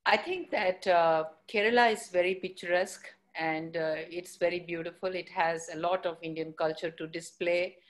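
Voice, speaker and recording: A middle-aged woman in fitness, answering interview questions thoughtfully with many pauses and fillers. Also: on the low side, steady tone. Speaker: fitness professional guest.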